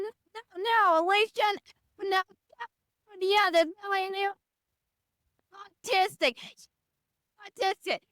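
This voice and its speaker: A young woman with a strikingly high voice chats on a podcast. She is blunt and rambling and swears freely. The sound is dry and close, with no room around it. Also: normal speed, pauses often, a bit bright, no echo. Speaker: podcast co-host. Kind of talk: casual chat.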